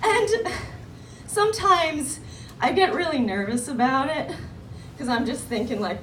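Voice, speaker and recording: Young woman doing animated stand-up, echoey. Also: sits high, unhurried. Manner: animated storytelling with voiced quotes and laughter. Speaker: stand-up comedian. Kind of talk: stand-up comedy set. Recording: roomy live venue from a distance, audience noise.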